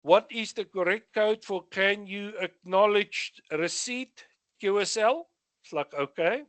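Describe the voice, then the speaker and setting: A man's voice: sits high, measured pace, fairly bright tone, no room sound. A man with a South African accent going over radio exam questions, reading each question and then giving the answer with short asides. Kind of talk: exam revision lesson.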